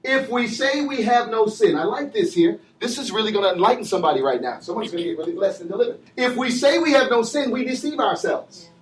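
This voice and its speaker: A man preaching a sermon and calling for responses from the congregation, swinging between shouted lines and low asides. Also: animated, fast, hardly any pauses. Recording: echoey church from far off.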